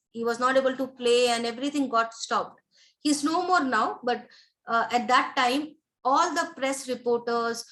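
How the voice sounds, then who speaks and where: A woman's voice: high voice, a bit bright, poor audio. A woman leading a live motivational training session as a life coach, emphatic, repeating her key points and checking in with her listeners.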